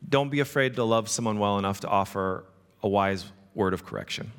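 A man's voice: on the low side, fairly quick, clean tone. A male pastor preaching a casual, conversational sermon, often checking in with the congregation. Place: church sanctuary. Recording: long reverb of a hall.

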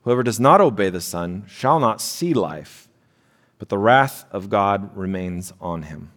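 A man preaching a sermon in a conversational way, often checking in with his listeners with a quick "right?". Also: fairly low pitch, animated, fairly bright tone, big-room sound. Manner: conversational preaching, frequent "right?" tag questions. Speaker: pastor.

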